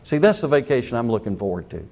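An older man, a pastor, preaching a sermon in an animated way that acts out the quotes he tells. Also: medium pitch, quick pace, creaky.

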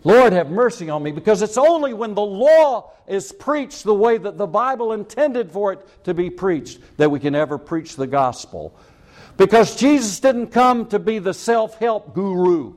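Older man, preacher, sermon, impassioned, high voice, swooping intonation. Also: expressive, measured pace, a little mellow. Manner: impassioned, repeats lines for emphasis, rhetorical questions.

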